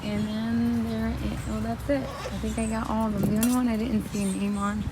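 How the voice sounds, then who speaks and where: A woman's voice: a little high, fairly even intonation, normal speed. A woman chatting casually as she films a walk through an outdoor plant nursery, thinking aloud and correcting herself, on a handheld phone. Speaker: vlogger. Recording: loud outdoor noise with birds and traffic.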